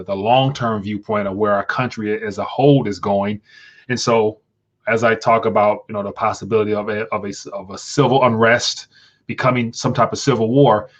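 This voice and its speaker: Rambling man on a lo-fi livestream. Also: lowish voice. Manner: rambling, many restarts and stumbles. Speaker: livestream host. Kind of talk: casual livestream commentary.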